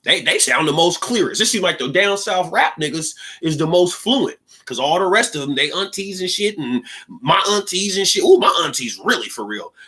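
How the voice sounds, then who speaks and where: A man's voice: on the high side, animated, moderate pace, sharp tone. A young man from the Pacific Northwest hosting a livestream, talking casually in a rambling, joking way with lots of slang and laughter. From Pacific Northwest (Seattle). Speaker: livestream podcast host. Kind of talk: casual monologue.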